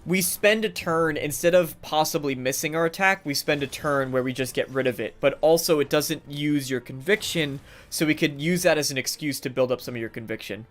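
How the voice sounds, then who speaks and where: A man's voice: on the high side, fairly quick, few pauses, a bit bright. A man streaming a video game live, commenting casually and talking sarcastically to the characters on screen.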